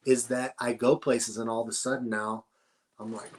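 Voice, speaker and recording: Here a Northern California cannabis grower, middle-aged and on a podcast as a guest, talks a little fast in a fairly low, steady voice. His storytelling is conversational and casual, laid-back and wandering, with plenty of swearing.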